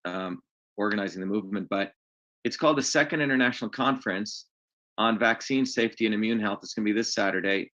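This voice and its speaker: A blunt, digressive man hosts a live online session, his voice bright and forceful. He rambles from point to point. The stream audio is dull and lo-fi. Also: on the low side. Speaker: host. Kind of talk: live online open house talk.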